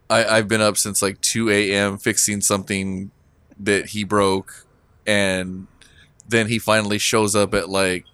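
A man's voice: lowish voice, fairly bright tone, clean tone, no room sound. A man telling a work story in casual chat, rambling with fillers and chuckling.

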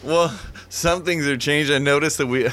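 A man's voice: on the high side, normal speed, crowd noise. A man in his thirties telling stories in a casual chat, laid-back, swearing and laughing.

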